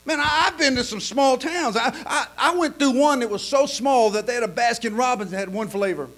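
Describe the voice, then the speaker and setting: An Oklahoma preacher with an extremely high-pitched voice tells jokes in a folksy sermon, speaking a little fast. He stammers, repeats himself, and shifts between hushed asides and booming punchlines.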